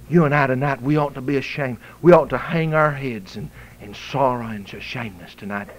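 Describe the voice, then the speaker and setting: A male pastor preaching a fiery revival sermon in a church, swinging from shouting to hushed whispers, with a Southern US accent. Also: mid-range voice, fairly quick, few pauses, highs cut off. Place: church sanctuary.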